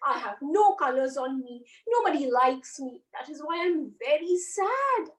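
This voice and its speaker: A woman's voice: sits high, big pitch swings, a little slow. A woman voicing a sad, lonely plain white kite in a children's story, whiny and pleading. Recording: roomy, far from mic.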